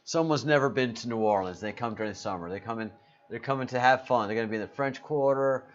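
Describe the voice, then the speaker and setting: A man's voice: medium pitch, fast. A man hosting a casual live stream, rambling as he reads out viewers' names from the chat. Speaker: livestream host. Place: Spain. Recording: slightly dull lo-fi audio.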